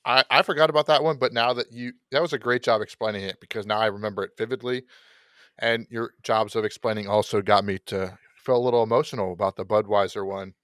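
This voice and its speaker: Smooth-voiced man, eager podcast chat. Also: lowish voice, steady tone, fast talker, a bit bright, no echo, studio quality. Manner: enthusiastic, stumbling over words. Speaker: podcast co-host. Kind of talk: casual chat.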